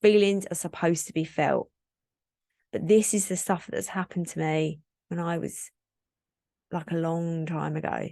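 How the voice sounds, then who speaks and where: A woman in her thirties with a fairly low voice talks openly and reflectively as a podcast host, wandering through her thoughts and filling her sentences with "like". Her voice sounds close and dry, with no room echo. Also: steady tone, measured pace, gravelly, warm tone. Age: 30s. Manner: candid, reflective, rambling with frequent "like" fillers. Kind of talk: solo podcast monologue.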